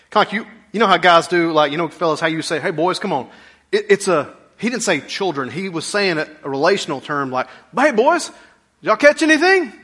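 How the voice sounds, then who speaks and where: A pastor preaching a sermon in a folksy, humorous way, swinging between loud bursts and hushed asides. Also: male voice, fairly high pitch, slightly rough.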